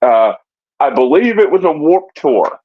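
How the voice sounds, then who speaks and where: A man's voice: on the high side, big pitch swings, a little slow, narrow, tinny audio. A man co-hosting a casual podcast, joking and swearing. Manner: joking, profane. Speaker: podcast co-host. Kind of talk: casual chat.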